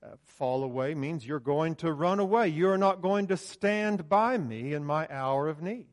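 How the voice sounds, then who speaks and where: A man preaching a sermon in a church, conversational, alternating loud emphasis with quiet asides and giving cues to the slide operator. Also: a little high, a little slow, hardly any pauses. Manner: directs the slide operator mid-talk. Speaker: pastor. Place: church sanctuary with a screen.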